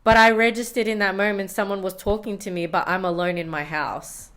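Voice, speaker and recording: A woman's voice: medium pitch, fairly even intonation, a little fast, a bit bright. A woman in her thirties telling a candid, confessional story in a vlog, often laughing at herself. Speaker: science vlogger.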